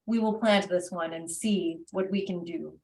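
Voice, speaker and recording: A woman's voice: on the low side, fairly even intonation, moderate pace, a little mellow, slight background noise, close to an everyday voice. A woman voicing a grateful, formal male wereraven winemaker, recorded roomy and from a distance. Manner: polite, formal and heartfelt.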